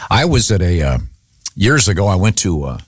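Deep-voiced man telling a halting story. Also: sing-song, husky, no room sound, studio quality. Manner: rambling, halting storyteller with many restarts. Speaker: radio show host. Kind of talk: casual morning radio banter.

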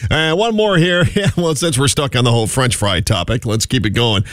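A man's voice: medium pitch, a little fast, no echo, studio quality. A man hosting a radio show, chatting casually and joking between clips.

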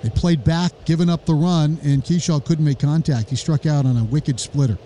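A man calls a live baseball game from the booth, brisk and a little wry, his voice mellow and rather high for a man. He tosses in jokes between pitches and lifts his voice on the big plays. A faint background noise sits under the call. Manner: brisk, wry, jokey asides, rising excitement on big plays. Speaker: play-by-play announcer.

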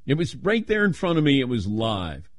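An older man hosts a radio show in a close, dry studio sound. His pitch swoops widely as he tells stories and slips into playful voices when quoting people. His voice sits in an ordinary middle register. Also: wildly swooping pitch, normal speed, no room sound. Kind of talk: casual talk radio chat.

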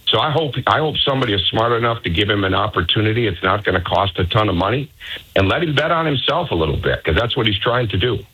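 A man's voice: fairly low pitch, animated, quick pace, sharp tone, slightly rough, low-quality recording. A male basketball coach, a guest on sports talk radio, giving emphatic, insistent opinions.

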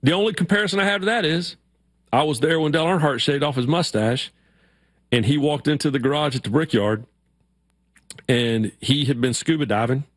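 A man's voice: fairly high pitch, a little fast, dry recording, studio quality. A man hosting a sports radio show, telling stories casually and acting out quoted voices. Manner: animated storyteller, acts out shouted quotes.

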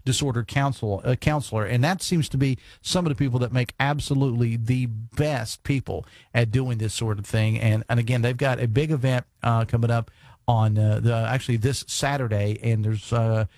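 A man's voice: medium pitch, fairly even intonation, normal speed, a little mellow, no echo. A man hosting a live radio talk show, chatty with lots of fillers and restarts. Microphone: studio microphone.

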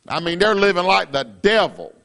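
Man, middle-aged pastor, fiery sermon, high lively pitch, repetitive emphatic cadence. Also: normal speed. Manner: emphatic, repetitive, rising and falling preacher cadence. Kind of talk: fiery preaching broadcast sermon.

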